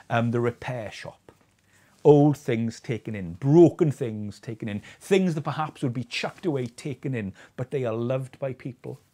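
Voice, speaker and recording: A man's voice: mid-range voice, darkish tone. A man preaching a sermon in an earnest way, asking his listeners questions.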